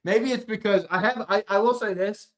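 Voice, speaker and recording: Profane, excitable male sports show host. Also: high-pitched, normal speed. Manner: profane, excitable ranting with sudden loud outbursts; jokey banter, reacting to comments and laughing. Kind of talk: casual livestream chat with viewers.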